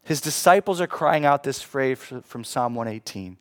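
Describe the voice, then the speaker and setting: A man preaching a sermon, swinging between hushed, slow passages and loud, emphatic ones. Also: medium pitch, lively intonation. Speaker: pastor.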